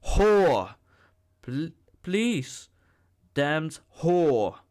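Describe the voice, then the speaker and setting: A man voicing a furious young man who shouts harshly. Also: medium pitch, big pitch swings, slow, clear, resonant tone.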